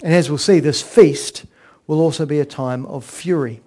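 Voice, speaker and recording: A man giving a sermon-style Bible exposition, earnest and explanatory, with frequent pauses. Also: fairly high pitch, mellow. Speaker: Bible teacher.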